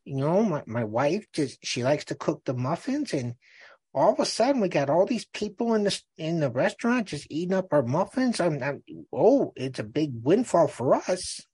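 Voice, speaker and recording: Man doing a stammering old local, husky, lively pitch. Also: moderate pace, no echo, full character voice. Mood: flustered. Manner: flustered, stammering. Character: rambling old male small-town local.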